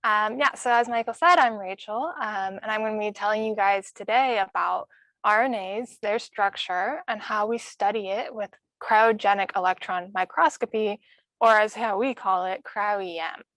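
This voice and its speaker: A woman's voice: mid-range voice, moderate pace, a bit bright, no room sound. A young woman from the Netherlands, a graduate student, giving a friendly, explanatory science lecture.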